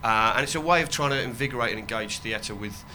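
A man with a crisp, bright tone talks in a loose, rambling way. He laughs often, swears freely and drops his voice low when quoting other people. Faint ambient sound sits behind him. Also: fast, slight background noise. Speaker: comedian and activist guest. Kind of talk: casual chat.

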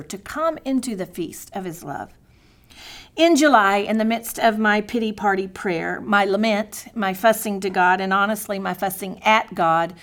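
Earnest woman giving a devotional teaching. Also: mid-range voice. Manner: earnest, softens to near-whispers on prayers and scripture. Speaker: Bible teacher.

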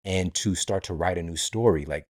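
Deep-voiced man podcast host. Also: normal speed, dry recording, clean studio sound. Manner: earnest, reflective, speaks in personal anecdotes. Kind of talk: podcast conversation.

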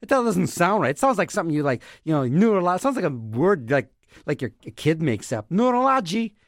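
A man's voice: a little high, big pitch swings, fairly quick, dry recording, studio quality. A man hosting a radio show, rambling in a playful, self-mocking comic monologue, tripping over words and repeating them as he argues with himself. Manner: talks to himself in back-and-forth mock dialogue.

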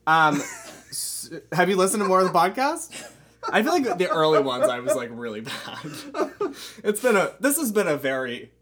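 A young man hosting a podcast, chatting casually, animated and self-mocking, swearing freely. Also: sits high, normal speed. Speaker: podcast host. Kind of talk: casual chat.

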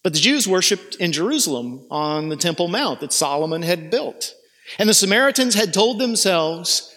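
A man's voice: high voice, expressive, normal speed, fairly bright tone. A male pastor preaching a sermon in an earnest, urging way, with conversational asides. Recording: long hall reverb.

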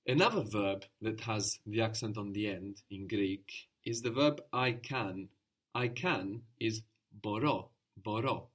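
A man's voice: fairly low pitch, measured pace, fairly bright tone. Patient man teaching a language lesson. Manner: patient, encouraging, explains step by step.

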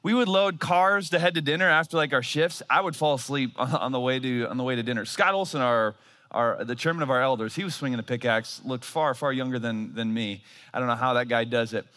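A man's voice: mid-range voice, fairly quick, pushed and bright. A man in his thirties, a pastor, preaching a sermon in a church and telling a self-mocking story.

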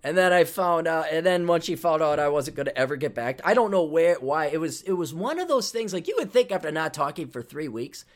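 Lively profane man telling a rambling story. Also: on the high side, fairly quick, hardly any pauses. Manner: profane, rambling, drifting into tangents. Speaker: podcast host. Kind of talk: casual storytelling monologue.

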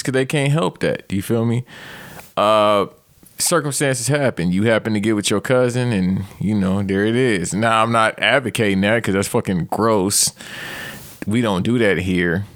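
A man's voice: lowish voice, no echo. Profane ranting man in his thirties. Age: 30s. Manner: profane, rambling, animated outbursts. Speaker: podcast host. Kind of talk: comedic rant.

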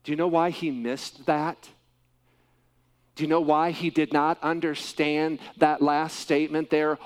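A male pastor giving a sermon, speaking emphatically with dramatic pauses and wide swings in loudness. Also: fairly high pitch, flat delivery, smooth.

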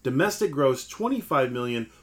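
Male podcast co-host, mid-pitched, chatty, runs through numbers. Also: sing-song, normal speed, a bit bright. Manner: reads out listener comments and box office figures. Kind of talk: casual podcast chat.

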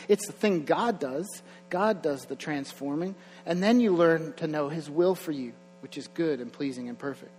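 A man's voice: fairly high pitch, a little mellow. A young man preaching a sermon in a church, conversational, with chuckling asides and rising energy. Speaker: pastor. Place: church sanctuary. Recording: long hall reverb, faint mains hum.

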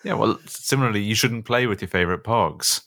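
Low-voiced man with bright, lively delivery. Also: a little fast, no room sound, studio quality. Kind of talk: comedic podcast chat.

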